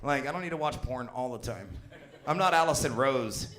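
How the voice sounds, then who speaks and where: A man's voice: medium pitch, moderate pace, a bit bright. A man in his fifties doing a stand-up comedy set, crude and rambling, swearing constantly and laughing at his own jokes. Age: 50s. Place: small comedy venue with live audience.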